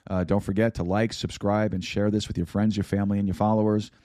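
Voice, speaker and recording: A man hosting a podcast, reading announcements in a hoarse, scratchy voice with many fillers and stumbles. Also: fairly low pitch, level tone, fast, dark tone, no echo, studio quality. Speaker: podcast host. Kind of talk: casual announcements.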